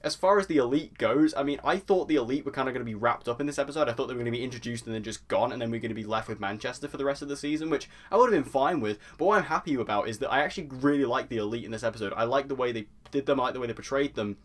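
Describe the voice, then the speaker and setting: A man rattles quickly through his review of a TV episode, chatty and enthusiastic. His voice sits at an ordinary pitch and he piles on praise as he goes. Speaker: TV review vlogger.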